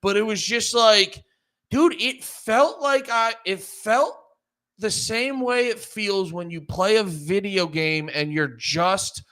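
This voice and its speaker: A man's voice: sits high, takes it slowly, bright, forceful tone. A young man co-hosting a podcast, ranting in a casual comedic way, swearing, laughing and putting on mocking voices. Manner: profane, laughing, mocks with put-on voices. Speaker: podcast co-host.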